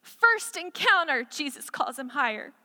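A woman's voice: sits high, sing-song, measured pace, pushed and bright, long reverb tail. A woman preaching a sermon in a chatty, conversational storytelling way, full of casual asides.

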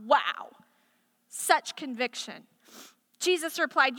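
A woman's voice: high-pitched, expressive, normal speed, pushed and bright, in a large hall. A woman preaching a sermon in a chatty, conversational storytelling way, full of casual asides.

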